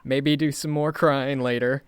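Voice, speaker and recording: Weary young adventurer girl, a guy doing her voice, slow and soft, smooth clean tone, dry sound. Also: mid-range voice, fairly even intonation, no room sound, natural voice. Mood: wistful. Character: weary young female adventurer wanting peace.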